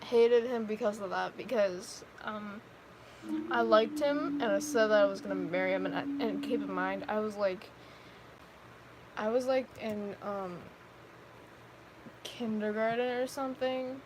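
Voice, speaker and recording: A woman's voice: mid-range voice, fairly even intonation, unhurried, pauses often, rough recording. A teenage girl streaming, chatting in a rambling, emotional way with lots of "like.". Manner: rambling, emotional, heavy use of "like". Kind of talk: casual livestream chat. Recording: loud background noise, passing vehicles.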